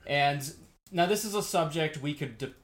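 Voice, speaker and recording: A man co-hosting a casual podcast, explaining ideas in a measured way and often pausing on fillers while he searches for words. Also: a little high. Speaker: podcast co-host.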